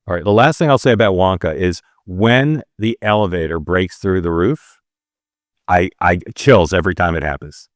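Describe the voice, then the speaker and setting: A man hosting an interview show, asking questions in a casual, halting way with frequent restarts. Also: deep voice, no room sound, clean studio sound. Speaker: host.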